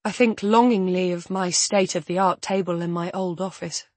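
A woman narrating a first-person audiobook at a measured, even pace. Her voice sits a little low and has a husky grain. The recording is dry and close with no room sound. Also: no echo.

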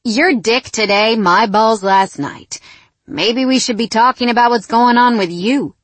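A woman's voice: on the high side, a little slow, no echo. Brief: smirking young jock in a dry studio read, woman narrator voicing him. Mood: teasing. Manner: smirking, ribbing. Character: cocky young male football player, teasing.

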